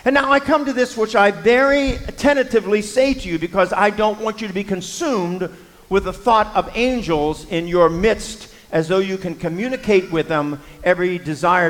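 A man's voice: sits high, fairly bright tone. A man preaching a sermon, telling a Bible story in a conversational way with frequent fillers and voiced quotes. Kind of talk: sermon with scripture reading. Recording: long hall reverb.

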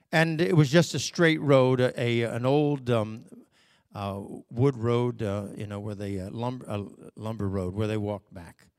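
A man preacher telling a personal story as a sermon testimony, in a folksy manner that swings from hushed to loud. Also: medium pitch, no room sound, studio quality. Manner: folksy, with fillers and self-corrections.

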